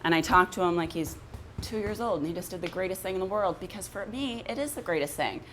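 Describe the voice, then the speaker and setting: This dog trainer talks fast in her instructional vlog, keeping her explanations calm and plain until she praises her dog in a high, gushing voice. There's slight background noise.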